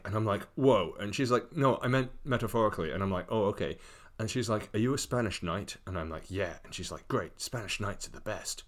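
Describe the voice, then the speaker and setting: An excitable young swordsman, played by a male storyteller, rambling through a story in a chatty way. His voice sits fairly low but bounces around a lot. He is a comic storybook sidekick.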